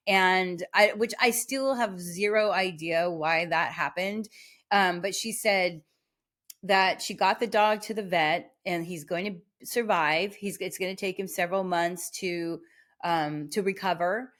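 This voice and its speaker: A woman hosting a podcast, telling a personal story in a rambling, animated way, full of restarts and filler words. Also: lowish voice, measured pace. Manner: animated, acts out the voices in her story. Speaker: podcast host.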